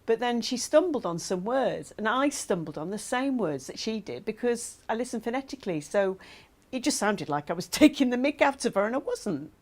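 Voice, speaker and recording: In a scripted testimony monologue, an actress voices a chatty woman with mild hearing loss who discusses it candidly and with humor. Her voice is a little high and a little mellow, with big pitch swings at a normal speed, and she's self-deprecating and laughs.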